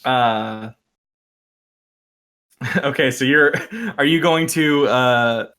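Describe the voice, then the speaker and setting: A man serving as game master, narrating the scene at an unhurried pace. His voice is bright and forward, and his talk is hesitant and full of fillers. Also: mid-range voice, clear, resonant tone. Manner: hesitant, lots of uh and um, chuckling.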